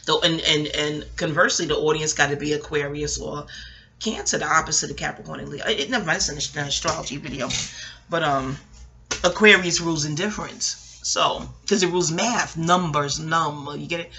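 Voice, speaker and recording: A woman's voice: low-pitched, brisk, pushed and bright. A woman, rambling through a casual, profane TV recap at home, digressing and laughing often. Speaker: vlogger reviewing a TV episode. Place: home, near a kitchen.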